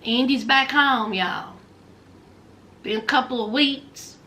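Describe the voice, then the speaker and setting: Sassy high-voiced woman recapping reality TV. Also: steady tone, slow, sharp tone. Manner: sassy, sarcastic, slangy asides to viewers. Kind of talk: casual reality show recap commentary.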